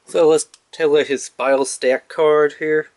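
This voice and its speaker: A man's voice: on the high side, fairly even intonation, unhurried. A man casually reviewing a toy in a rambling, playful, chatty way.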